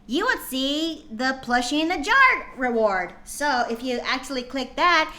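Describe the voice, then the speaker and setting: A woman's voice: high voice, lively intonation, unhurried, pushed and bright. A woman streamer chatting to her viewers in a dramatic, exasperated way, swearing often. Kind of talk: live stream chat while reading fan fiction.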